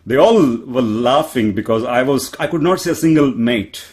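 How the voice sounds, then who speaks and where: A man's voice: medium pitch, expressive, normal speed, a little mellow. An earnest man with an Indian accent speaks on a panel in an ordinary mid-range voice. He keeps restarting his sentences and pokes fun at himself as he makes his points. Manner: earnest, self-deprecating, frequent restarts. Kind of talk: panel discussion answer.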